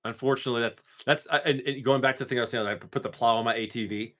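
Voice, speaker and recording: A man's voice: medium pitch, fairly even intonation, very fast, a bit bright. A man from Massachusetts hosting a casual live stream, rambling in a laid-back way and swearing freely. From Massachusetts, USA.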